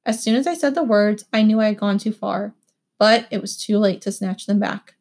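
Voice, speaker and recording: A woman giving expressive, animated first-person audiobook narration. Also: mid-range voice, moderate pace.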